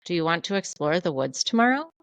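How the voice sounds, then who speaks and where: A woman co-hosting a podcast, talking in a candid, animated, self-deprecating way in casual chat. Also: on the low side, fast, clear, resonant tone, dry recording. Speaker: podcast co-host.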